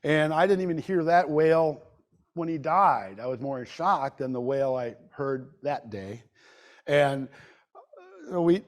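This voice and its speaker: A middle-aged man speaking at a grief workshop, telling a personal story in a halting, emotional way with many restarts. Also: fairly high pitch. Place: medical center presentation room.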